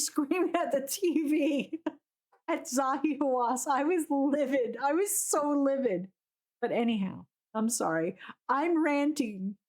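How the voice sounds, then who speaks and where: A woman's voice: high voice, darkish tone. A woman streaming a game live, chatting casually and ranting animatedly with frequent laughs. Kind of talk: casual live gameplay commentary.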